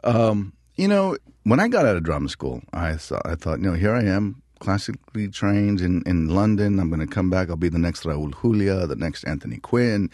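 Middle-aged male actor, low voice, lively anecdotes, dry studio sound. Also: moderate pace, hardly any pauses, no room sound. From New Mexico. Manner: animated storyteller, acts out voices. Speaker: actor guest. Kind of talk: interview conversation.

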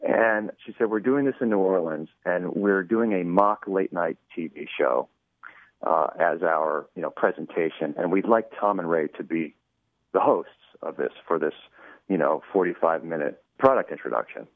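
A man with a very deep voice speaks as an interview guest over a tinny phone connection. He talks in a chatty, anecdotal way, acting out quoted exchanges and filling pauses with "you know". The sound is dry and close. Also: dry recording. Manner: chatty storyteller, acts out quoted dialogue, many "you know"s. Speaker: producer of a radio show.

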